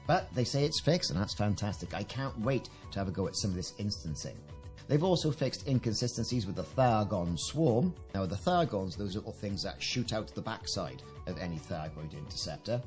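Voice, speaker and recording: A man's voice: lowish voice, animated, normal speed, a little mellow, soft background music. A British man giving casual commentary on a game update, reading out patch notes and adding chatty, enthusiastic asides. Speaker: gaming video creator.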